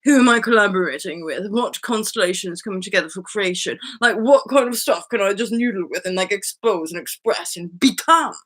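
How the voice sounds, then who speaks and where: Bubbly woman in her thirties, bright voice. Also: medium pitch, a little fast, hardly any pauses. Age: 30s. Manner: bubbly, swears a lot, laughs often; acts out voices in her stories. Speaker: host. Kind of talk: casual live-stream chat.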